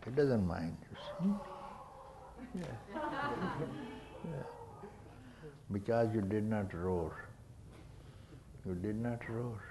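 An older man giving a spiritual discourse to a gathering, unhurried and teasing, often chuckling and prompting his listeners with a questioning "hmm?". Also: fairly low pitch, dark tone, a little hiss or hum, low-quality recording. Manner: chuckles often while talking. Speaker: spiritual teacher.

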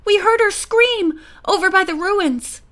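A woman performs a full character voice as a timid, nervous teenage girl who speaks in a fretful, breathless way. Pitched well above her natural voice, it is extremely high, expressive, fairly bright, and a little slow.

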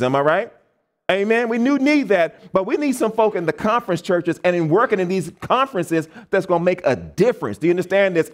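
American male preacher, animated, voice pitched a bit high, talks back and forth with the congregation. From United States. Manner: animated, call-and-response questions to the congregation; acts out quoted people in changed voices. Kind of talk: camp meeting sermon.

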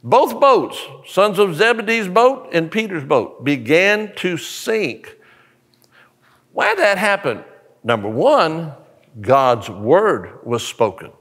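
Animated preacher in a reverberant hall. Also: male voice, on the high side, takes it slowly, slightly rough. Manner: animated storytelling, acts out characters. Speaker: pastor. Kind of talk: sermon. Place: church sanctuary.

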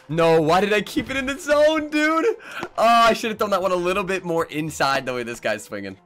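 A young man giving live, trash-talking commentary on his own baseball video game, jumping between low mutters and sudden yells. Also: very animated, a little fast, music in the background. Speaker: gaming YouTuber.

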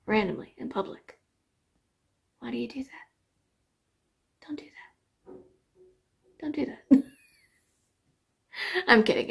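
A young adult woman with a dry, sarcastic manner, telling rambling stories to camera with lots of fillers while sniffly from allergies. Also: mid-range voice. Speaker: singer reacting to songs. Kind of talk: casual storytelling to camera.

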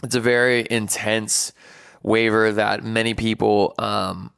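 A man's voice: lowish voice, flat delivery, measured pace, vocal fry, fairly bright tone, clean tone, dry recording, studio quality. A man hosting a live stream, joking with viewers, then hyping them up like a playful drill sergeant and counting out numbers. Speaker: livestream host.

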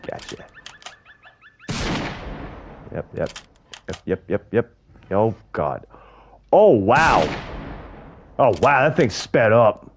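A man giving live gameplay commentary, muttering and swearing to himself, with loud frustrated outbursts. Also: medium pitch, very animated, takes it slowly, pauses often, background noise. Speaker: gaming video host.

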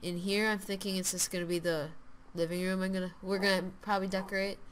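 Woman doing a chill building game vid, mumbly, keeps repeating stuff, medium pitch, faint keyboard clicks behind. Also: flat delivery, fast talker, a little hiss or hum. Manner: mutters quietly while building, then loud and upbeat when signing off; repeats words and restarts phrases. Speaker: gaming channel host. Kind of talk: casual gameplay commentary.

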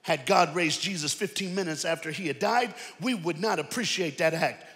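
A man preaching an energetic sermon to a church crowd, calling out to them. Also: a little high, normal speed. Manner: animated, shouting preaching with crowd call-outs. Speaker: guest preacher. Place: large church auditorium. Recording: long hall reverb.

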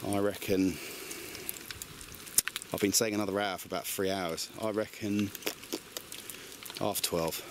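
A deep-voiced man speaks a little slowly with fairly even intonation and long pauses. He's a vlogger chatting to camera at a woodland campsite at night in the rain, cooking over a fire in an upbeat, self-mocking way. Loud rain and crackling fill the outdoor recording.

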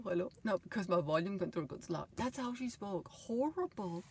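A middle-aged woman telling a rambling personal story in a vlog, swinging between loud outbursts and quiet asides. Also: mid-range voice, animated, moderate pace, few pauses. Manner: emotional, swings loud and soft, laughs often. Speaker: vlogger.

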